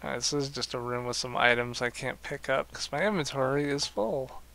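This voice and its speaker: A man's voice: mid-range voice, brisk, vocal fry, sharp tone, slight background noise. A man streaming a video game, giving casual, wry commentary on a desk mic. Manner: musing, wry.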